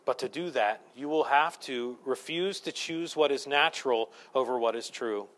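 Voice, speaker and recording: A man in his thirties, a pastor preaching a sermon with lively storytelling and self-deprecating humor, swinging between loud emphasis and hushed asides. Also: medium pitch, moderate pace.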